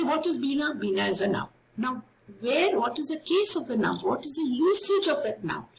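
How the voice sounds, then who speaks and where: A woman's voice: high voice, creaky, fairly bright tone, slight background noise, poor audio. A woman teaching a grammar lesson, explaining step by step and asking and answering her own questions, with phrase endings often fading to a whisper. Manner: voice often trails off into an unvoiced whisper at phrase ends.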